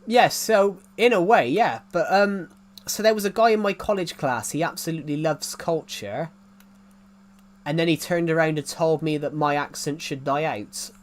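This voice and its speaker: A young man with a working-class English accent from old mining country, talking on a gaming livestream. His voice sits a little high for a man. He rambles, loops back over the same point and stops to answer his chat. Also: normal speed, slight background noise. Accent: English working-class, former mining area. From England. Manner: rambling, repeats and restarts sentences, answers chat.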